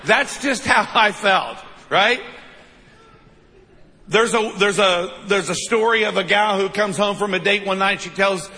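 A man's voice: high-pitched, measured pace, bright, forceful tone, big-room sound. A man in his fifties preaching a sermon, telling stories with self-deprecating humor and frequent "right?" asides. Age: 50s. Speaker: pastor.

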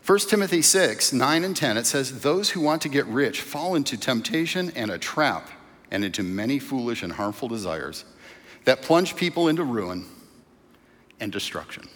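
A man's voice: mid-range voice, sing-song, normal speed, a bit bright. A man preaching a sermon in a church in a conversational, storytelling way. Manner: conversational preaching, tells stories. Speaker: pastor. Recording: long reverb of a church hall.

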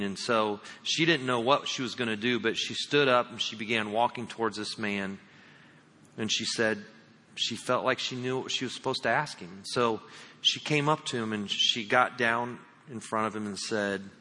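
Bright-voiced preacher in a reverberant hall. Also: male voice, lowish voice, normal speed. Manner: earnest, direct address to listeners. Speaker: pastor. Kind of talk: sermon storytelling. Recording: long reverb of a large hall.

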